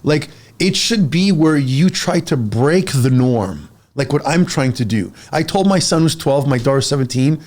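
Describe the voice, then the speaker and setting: A fitness coach in his forties talks on a laid-back podcast in a mid-range voice, keeping a moderate pace with hardly any pauses. He's energetic and blunt, pressing listeners with emphatic advice.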